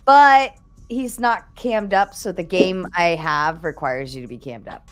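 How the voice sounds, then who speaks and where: A woman's voice: on the low side, unhurried, clean tone. A woman hosting a live stream in casual chat, laughing often and swearing freely as she tells stories. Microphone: streaming setup.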